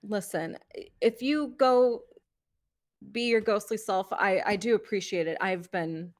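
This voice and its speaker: A woman playing a tabletop game, speaking hesitantly with frequent pauses and fillers. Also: mid-range voice. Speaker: player.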